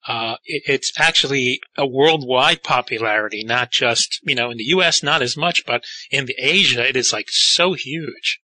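Enthusiastic male host, crisp bright tone, close dry mic. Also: medium pitch, moderate pace, hardly any pauses, dry recording, poor audio. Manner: eager, fanlike, many fillers. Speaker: interviewer host. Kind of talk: casual interview chat.

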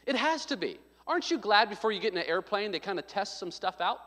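Bright high-voiced male preacher, echoing church. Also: big pitch swings, quick pace, hardly any pauses. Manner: storytelling, joking asides, quotes people in voices. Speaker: pastor. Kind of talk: sermon. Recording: long hall reverb.

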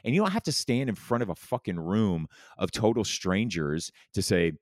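A man telling his recovery stories in a candid, animated way, stressing words hard and swearing freely. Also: on the low side, moderate pace, few pauses, dry recording, studio quality. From lived in New York City. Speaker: guest in recovery, news anchor. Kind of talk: candid conversational storytelling.

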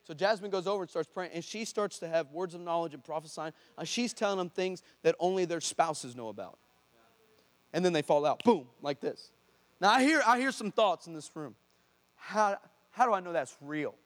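A man, a pastor telling a story in a sermon, animated and acting out the people in it. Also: fairly high pitch, fairly quick. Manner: animated, acts out shouts and voices of people in his story. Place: church hall before a congregation.

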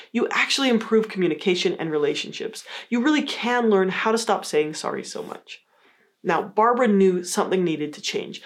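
A woman in an instructional talk, coaching the listener step by step. She acts out short example phrases as she explains. Her voice sits at a middle pitch. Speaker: educator on communication skills.

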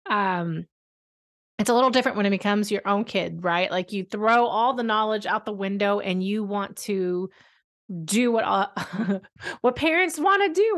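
A woman's voice: medium pitch, a bit bright. A woman in her thirties, a therapist hosting a podcast, talking in an earnest, candid way and telling a personal story with casual fillers. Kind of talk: conversational podcast monologue.

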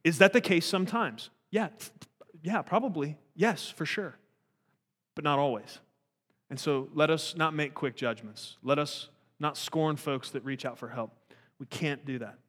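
Guy doing a bible teaching, kinda high voice, lots of restarts and questions, long echoey tail. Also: unhurried, a bit bright. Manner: earnest, talky, with frequent restarts and rhetorical questions.

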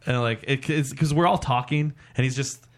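A man's voice: mid-range voice, normal speed. A young adult man on a casual podcast, telling a long, rambling, profane story and acting out what people said. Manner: rambling, profane, acts out quotes. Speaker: podcast co-host.

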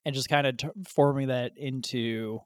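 A young man chatting casually about his tabletop game character and telling animated, casually profane stories. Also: medium pitch, moderate pace. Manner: animated storyteller, swears casually. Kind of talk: casual podcast chat.

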